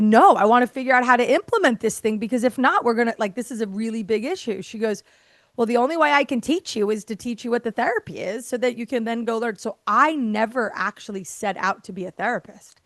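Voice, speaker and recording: Quick-paced and slightly high, this woman's voice comes through dry as she guests on a podcast. An airway therapist, she tells a lively, casual story full of laughter and dramatized dialogue from others.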